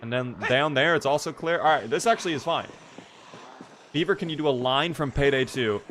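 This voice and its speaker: A man's voice: fairly high pitch, a little fast, fairly bright tone, a little hiss or hum. A man streaming a video game and chatting casually with his audience. He talks in a loose, rambling way, with plenty of "like" fillers. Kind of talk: casual live-stream chat.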